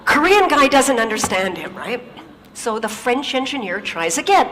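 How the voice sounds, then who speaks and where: A woman gives a lively stage talk in English, her native language, with plenty of humor and questions to the crowd. Her voice sits fairly high. It rings out in a long hall reverb over faint room noise. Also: normal speed. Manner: lively, humorous, addresses the audience. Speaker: conference speaker. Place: large auditorium.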